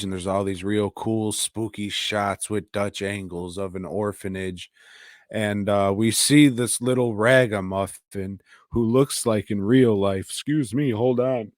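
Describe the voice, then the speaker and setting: A man's voice: on the low side, dry recording, clean studio sound. A middle-aged man, tipsy from drinking, hosting a podcast and giving a casual, profane, rambling episode review. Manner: profane, rambling, laughing at his own jokes.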